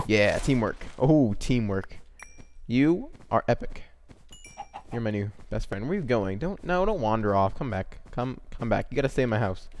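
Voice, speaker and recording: A young man chatting through his own gameplay in a mid-pitched, everyday voice. He rambles loosely and jumps into sudden excited outbursts. A faint hiss sits under the recording. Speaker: gamer commentating his own play. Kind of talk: casual let's-play commentary.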